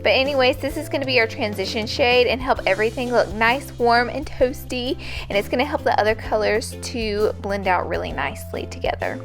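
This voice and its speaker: A woman's voice: fairly high pitch, lively intonation, brisk, creaky, few pauses, over music. Bubbly young woman doing a makeup tutorial. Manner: bubbly, gushing, chatty. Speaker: beauty YouTuber. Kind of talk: casual makeup tutorial talk.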